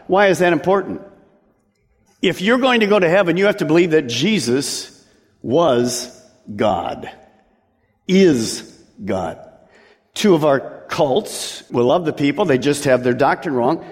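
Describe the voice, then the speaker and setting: A man preaching a sermon as pastor, emphatic and drawing out key words for weight. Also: a little high. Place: church sanctuary. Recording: long hall reverb from a church.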